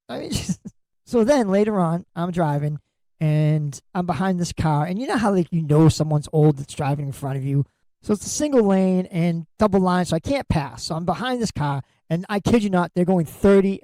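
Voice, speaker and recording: A middle-aged man rambles through funny stories for his podcast, cursing freely and acting out every quote. His voice is mellow and warm, and it sits dry and close with no room sound. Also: high-pitched, no echo, poor audio. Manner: crude, jokey, swears freely, acts out quotes. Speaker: podcast host. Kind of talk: comedic storytelling monologue.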